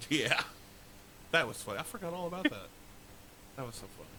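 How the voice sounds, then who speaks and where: Man, podcast co-host, bright forceful tone, lively swings, excitable, swears a lot. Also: medium pitch, brisk, a little hiss or hum. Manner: laughing, excitable, profane. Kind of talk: casual storytelling chat.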